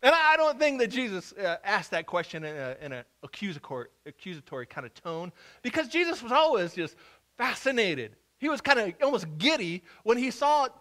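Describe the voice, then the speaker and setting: A male pastor preaching a sermon and telling the story dramatically, shifting from hushed to loud. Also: high-pitched, very animated, fairly quick.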